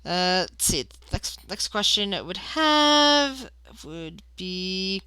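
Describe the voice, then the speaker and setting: A woman narrating as game master of a tabletop game, halting and filling gaps with "uh". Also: mid-range voice, big pitch swings, bright, forceful tone, clear, resonant tone, no room sound. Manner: halting, with many fillers and restarts.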